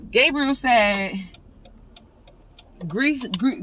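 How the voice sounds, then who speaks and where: A woman delivers an off-the-cuff devotional message, fervent and conversational, with a middle-range voice. She keeps stopping to restart and to address her listeners directly. Constant vehicle hum sits clearly under the recording. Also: mid-range voice, lively intonation, moderate pace. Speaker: preacher sharing an encouraging message with viewers. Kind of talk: informal devotional talk to camera.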